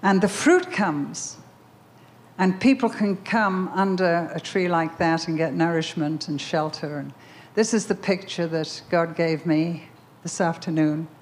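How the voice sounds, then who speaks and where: A woman's voice: fairly low pitch, a little slow, slight background noise. A woman preaching a sermon, telling a story with emphatic repetition before leading a prayer. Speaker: speaker at a Bible conference.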